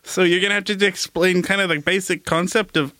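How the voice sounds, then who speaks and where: A man riffs deadpan through a comedy bit as a Canadian guest, his voice bright and forceful. The sound is dry and close. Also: high-pitched, a little fast, no echo. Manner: deadpan, laughing through lines. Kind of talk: improvised comedy chat.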